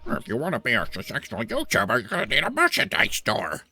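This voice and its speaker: A man putting on a squeaky, gravelly, creature-like voice to play a mocking guru handing out preachy advice. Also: wildly swooping pitch, fast talker, bright, forceful tone, soft background music, exaggerated voice.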